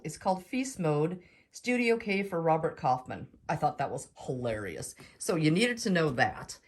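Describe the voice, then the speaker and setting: Middle-aged woman, sewing tutorial host, lowish voice, chatty, upbeat, walks through steps. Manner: chatty, upbeat, explains step by step. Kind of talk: casual craft tutorial.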